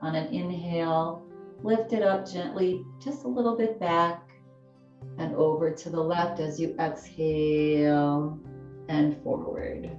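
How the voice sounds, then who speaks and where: A woman teaches chair yoga in a low, mellow voice, guiding the class with soft and soothing cues. She takes her time over every instruction. The room sounds roomy and a little dull, she is heard from some way off the mic, and faint music plays behind her. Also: steady tone, slow, recorded from a distance.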